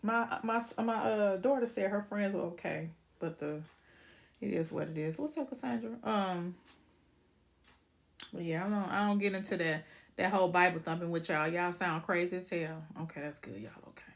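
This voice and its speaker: A woman's voice: lowish voice, moderate pace, creaky. A woman hosting a casual livestream, ranting bluntly and profanely and greeting viewers by name. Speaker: livestream host.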